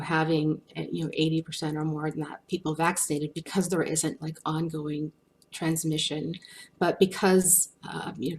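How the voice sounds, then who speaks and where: A woman speaking as a research guest in a webinar, answering questions with frequent fillers and restarts. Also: low-pitched. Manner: hesitant, many restarts and fillers.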